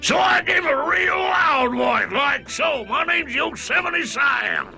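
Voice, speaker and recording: A pint-sized, hot-tempered cartoon cowboy, bellowing in a piercing, gravelly, very high voice. He drags the words out slowly. Faint music plays behind. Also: animated, exaggerated voice. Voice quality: loud, gravelly, hollering. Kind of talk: archival interview voice demo.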